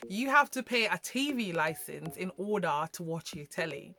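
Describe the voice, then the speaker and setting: A woman from Jamaica with a Jamaican accent, chatting to camera in an animated, emphatic way with slangy asides. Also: fairly low pitch, moderate pace, hardly any pauses, dry recording. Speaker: vlogger. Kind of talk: casual chat to camera.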